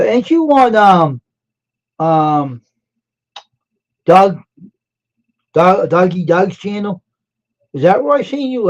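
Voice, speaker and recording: A talkative man runs a casual live stream and reads out his viewers' names as he greets them and asks them questions. His voice sits a bit high and the sound is dull and lo-fi. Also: a little mellow. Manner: chatty, greets and quizzes chat viewers by name.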